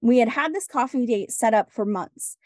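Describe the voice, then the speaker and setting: A woman guest on a podcast interview, telling her story in a casual, animated way and acting out bits of dialogue. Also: a little high, normal speed, dry recording, clean studio sound. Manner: animated, acts out dialogue, laughs often. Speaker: podcast guest, business strategist.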